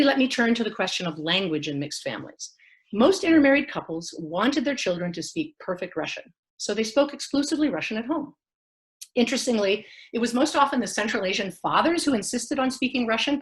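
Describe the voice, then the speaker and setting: A woman giving an academic lecture online, reading from a prepared text with the odd filler. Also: mid-range voice. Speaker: academic speaker. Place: online talk.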